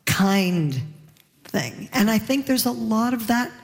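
A woman comedian speaks on a panel, animated and quick to laugh at her own stories. Her voice carries a long reverb from the hall. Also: a little high, creaky. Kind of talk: panel discussion, storytelling.

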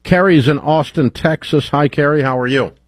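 A man's voice: on the high side, normal speed, no echo. A man hosting a call-in advice radio show, reading an ad with punchy emphasis.

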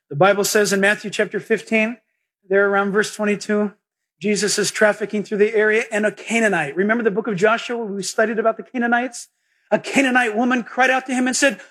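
A man preaching a sermon as a pastor, animated and acting out the voices of the people he quotes. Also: sits high, moderate pace, slightly rough.

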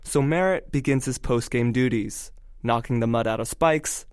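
A man's voice: mid-range voice, normal speed, clean tone, no room sound, studio quality. A man narrating a radio story in a wry, playful way. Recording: music bed under voice.

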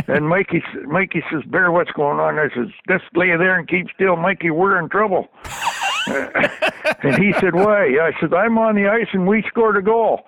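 A man's voice: high-pitched, normal speed, dry recording. An older man, a former hockey trainer, telling stories and chuckling often as an interview guest. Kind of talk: anecdotal storytelling. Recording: tinny dry phone line.

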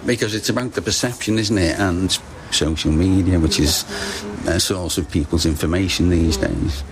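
A man's voice: low voice, normal speed, noisy background. A man, a local historian, explaining conversationally while walking a town street. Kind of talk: news interview.

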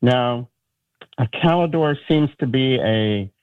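A man calling into a radio show, telling a story in an unhurried way over the phone. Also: medium pitch, smooth, no room sound. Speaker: caller. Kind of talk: call-in radio chat. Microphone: telephone. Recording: phone line.

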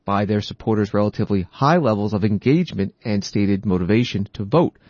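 A man anchoring the news, reading scripted narration in a measured, even way. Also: fairly low pitch, dry recording, highs cut off.

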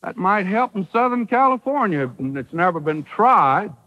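High, lively-pitched male preacher in a reverberant hall. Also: moderate pace, highs cut off. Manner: emphatic, rhetorical questions and dry humor. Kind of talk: sermon.

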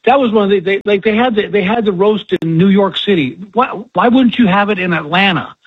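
A man's voice: sits high, fairly quick, slightly rough, no room sound. An older male comedian telling candid, self-deprecating stories as a guest, with a dull lo-fi sound. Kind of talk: storytelling interview.

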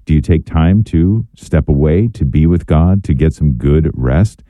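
A radio host with an extremely deep, dark voice speaks in long, measured questions, pausing on fillers as he works toward his point. His voice is recorded in a dry studio with no room sound. He is a man taking a call-in show toward its next topic. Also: expressive, no room sound.

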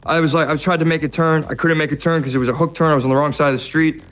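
A man with an American accent, a guest actor chatting casually in an interview, laid-back and self-deprecating, getting animated when telling stories. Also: fairly high pitch, very fast, soft background music.

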